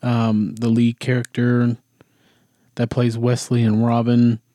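A man in casual chat about a movie, laid-back and halting as he fills in plot details. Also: medium pitch, completely flat delivery, dark tone, no echo, studio quality. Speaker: movie discussion co-host.

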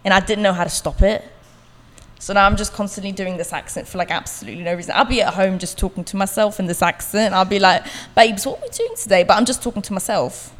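A woman's voice: medium pitch, fast, natural voice. A woman doing a put-on British Cockney accent, chatty and breezy, calling people babes. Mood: playful. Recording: long reverb of a large room.

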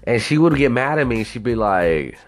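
A man's voice: mid-range voice, sing-song, moderate pace, soft background music. A man from the United States in a casual, rambling, profane monologue, often asking whether you know what he means.

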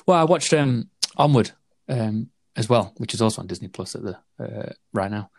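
A man's voice: on the low side, animated, normal speed, creaky, darkish tone, dry recording, clean studio sound. A man in a casual film chat, rambling with lots of fillers and restarts.

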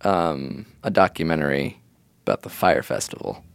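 A man co-hosting a casual comedy podcast, rambling through absurd theories with a deadpan delivery and lots of "like". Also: a bass voice, moderate pace, vocal fry, clear, resonant tone, dry recording. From Miami. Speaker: podcast co-host.

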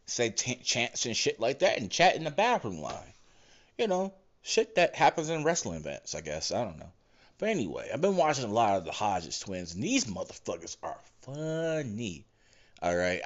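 Rambling, profane man, lively lo-fi podcast voice. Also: medium pitch. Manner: profane, meandering, lots of fillers and self-corrections. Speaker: podcast host. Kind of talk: casual rambling monologue. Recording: dull lo-fi recording.

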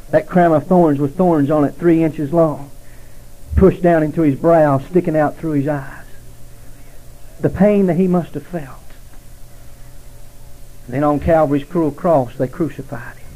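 A man in his forties preaching a fervent testimony sermon, slowing for emphasis and dropping to hushed tones. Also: a little high, rough recording. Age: 40s. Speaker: preacher, former police officer.

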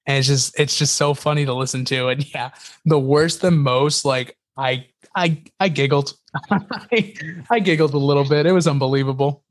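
Speaking at normal speed in a mid-range voice, a podcast co-host spins animated stories in casual chat. Laughter and fillers crop up constantly.

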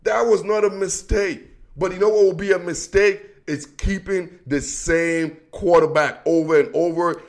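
High-voiced man ranting about football. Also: unhurried. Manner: emphatic, repetitive, slangy, calls listener bro. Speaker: sports commentator. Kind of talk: casual sports rant.

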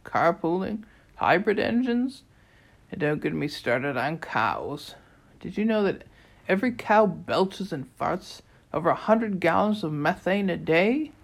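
A woman voicing a fussy, ancient male air god who hisses and scolds in a squeaky voice. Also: expressive, measured pace, gravelly, full character voice. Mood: indignant. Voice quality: hissing, squeaky.

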